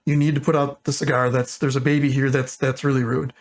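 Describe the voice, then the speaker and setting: A man's voice: mid-range voice, flat delivery, fairly quick, natural voice. Man putting on an exasperated young mother.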